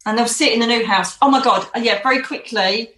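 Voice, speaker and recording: A woman works through a psychic reading in a loose, rambling flow, reassuring and emotional by turns. Her voice sits a little high. The recording has a roomy echo around it. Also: fast talker, bright, forceful tone. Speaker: psychic medium.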